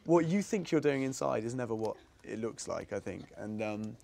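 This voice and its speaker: A man's voice: medium pitch, animated, normal speed, gravelly, darkish tone, slight background noise. A young man from England, an actor guest in a casual interview, chatting in a rambling way and laughing easily.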